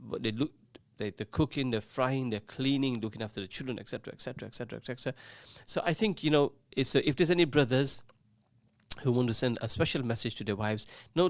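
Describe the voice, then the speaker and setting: Chatting, ribbing his co-host and reading listener messages, a man from England hosts a casual radio show in a radio studio. His voice is medium-pitched, picked up by a studio microphone with no echo.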